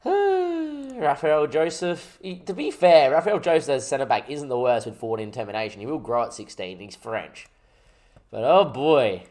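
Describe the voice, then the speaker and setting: Young guy narrating his game, slightly high voice, goofy and rambly. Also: very animated, normal speed, a little mellow. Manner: rambling, jokey, thinks aloud while playing. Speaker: gaming channel host. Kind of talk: casual gameplay commentary.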